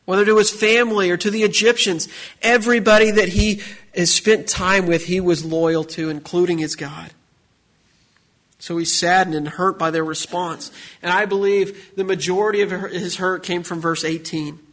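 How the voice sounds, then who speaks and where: High-voiced man preaching a sermon. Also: steady tone, moderate pace, a bit bright. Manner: preaching with rising emphasis and repeated phrases. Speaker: pastor.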